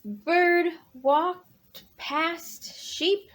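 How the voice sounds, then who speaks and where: A woman reading a picture book aloud for children, counting along and gasping with animated emphasis. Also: high voice, very slow. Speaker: children's librarian. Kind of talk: children's storytime read-aloud.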